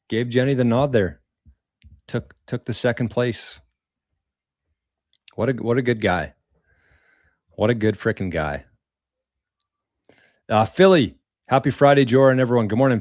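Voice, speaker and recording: On a casual live stream, a man rambles his thanks to viewers for their tips, repeating words and slipping in mild slang. His lowish voice is a little mellow, recorded dry with clean studio sound.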